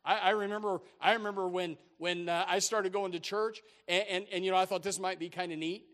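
A man's voice: high voice, steady tone, a little fast, fairly bright tone. A man preaching a sermon as a folksy story, with many repeated restarts.

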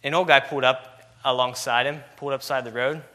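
A man's voice: medium pitch, steady tone, a little fast, sharp tone. A man preaching a sermon, asking repeated rhetorical questions with constant "you know" fillers.

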